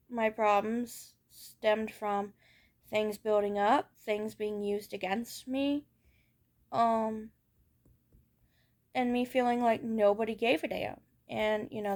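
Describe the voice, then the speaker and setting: A woman's voice: on the high side, darkish tone. A young woman giving a candid personal monologue as a vlogger. She talks in a raw, blunt way, swears and circles back over her thoughts. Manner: ranting.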